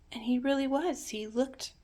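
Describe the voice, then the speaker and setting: Slow, reflective older woman storyteller. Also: high-pitched. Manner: slow, reflective, soft-spoken with hushed asides. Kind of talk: personal storytelling.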